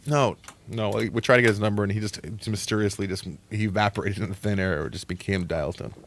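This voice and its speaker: Sarcastic, animated male radio host. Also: on the low side, fast talker, vocal fry, no echo. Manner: animated, sarcastic, cursing freely. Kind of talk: late-night radio aftershow chat. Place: radio studio.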